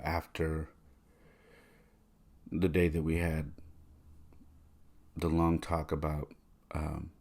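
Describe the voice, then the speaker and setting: A man in his thirties talks through a personal memory on his podcast, soft-spoken and rambling, circling back over his words. His voice sits very low with a gravelly fry and a husky edge. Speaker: podcast host. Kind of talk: reflective personal monologue.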